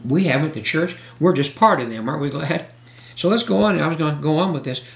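A man preaching a sermon, reading scripture slowly and breaking in with questions and asides to his listeners. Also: on the high side, creaky. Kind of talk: sermon, Bible teaching.

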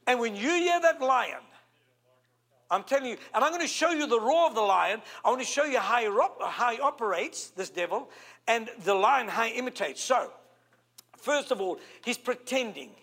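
High-voiced South African preacher. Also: male voice, moderate pace. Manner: animated, stretches key words, calls for amens. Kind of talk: sermon.

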